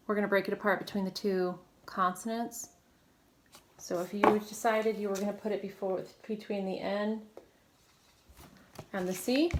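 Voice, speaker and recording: A woman teaching a recorded phonics lesson to children, giving clear prompts and praising often. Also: medium pitch, slight background noise. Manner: encouraging, clear teacher prompts to young readers. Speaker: reading teacher.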